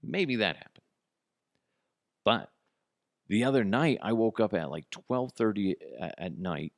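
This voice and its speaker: Deep, gravelly man telling stories. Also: measured pace, no echo, studio quality. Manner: profane, animated, jumps to high incredulous pitch. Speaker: podcast host. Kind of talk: casual comedic storytelling.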